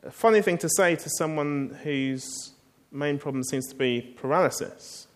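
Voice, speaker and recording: A man delivers a sermon in a relaxed, storytelling manner. His voice sits a little high for a man. He keeps pulling the listeners in with rhetorical questions. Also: normal speed. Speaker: preacher.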